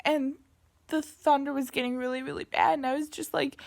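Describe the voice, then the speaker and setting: A young woman telling a painful personal story to camera, slow and halting, with many pauses and restarts. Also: high-pitched, steady tone, creaky.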